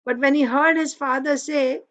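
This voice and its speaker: A woman's voice: high-pitched, fairly even intonation, moderate pace, a bit bright, poor audio. A woman giving a devotional scripture class, telling a story in a conversational way with frequent fillers.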